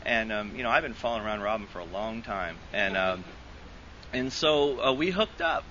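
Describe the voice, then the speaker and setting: A man's voice: lowish voice, expressive, moderate pace, pushed and bright, dull audio, a little hiss or hum. Man telling his story at a recovery meeting. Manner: rambling storytelling with frequent restarts and laughter. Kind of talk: personal testimony to a group. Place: meeting hall.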